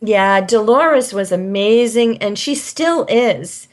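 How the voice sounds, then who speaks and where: Interview guest: woman, average pitch, animated storyteller. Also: takes it slowly. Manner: animated storyteller, acts out quoted voices. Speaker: guest, hypnosis healing practitioner.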